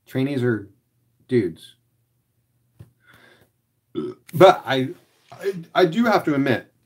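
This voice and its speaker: Rambling husky-voiced man vlogging. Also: on the low side, darkish tone. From Los Angeles area. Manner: rambling, heavy use of "like". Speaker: rideshare driver vlogger. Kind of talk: casual chat answering viewers.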